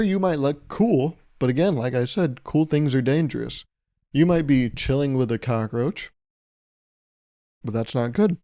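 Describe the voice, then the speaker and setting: Guy doing a solo comedy podcast, gravelly and dark voiced, rambly and laughing at himself. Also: medium pitch. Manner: rambling, self-mocking, laughs often. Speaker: podcast host.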